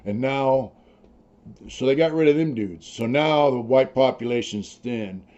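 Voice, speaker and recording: A man's voice: mid-range voice, unhurried, warm tone. A middle-aged man, a former prisoner, telling his story in blunt, streetwise talk full of slang and swearing. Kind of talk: casual storytelling, profane. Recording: slightly dull lo-fi audio.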